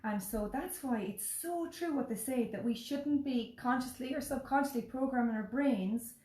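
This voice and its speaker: A woman chatting casually as co-host, an animated storyteller who swears freely. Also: high voice, normal speed. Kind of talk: casual chat. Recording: echoey room.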